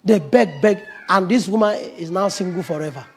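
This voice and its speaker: A middle-aged man, a pastor, preaching an animated sermon, acting out quoted voices and laughing often. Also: high-pitched, moderate pace, faint music behind.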